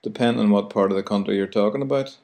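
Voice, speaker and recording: A man's voice: lowish voice, rapid-fire, dark tone. A man with a Belfast accent hosting a radio show, chatty and playful, mimicking local phrases. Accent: Belfast, Northern Ireland. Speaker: radio host.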